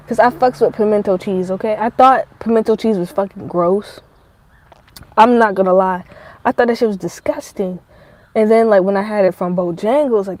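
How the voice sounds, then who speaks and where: A woman rambles through a profane, animated story in a casual vlog. Her voice is warm and mellow, and the recording is dry and close. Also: mid-range voice, dry recording, poor audio. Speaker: vlogger.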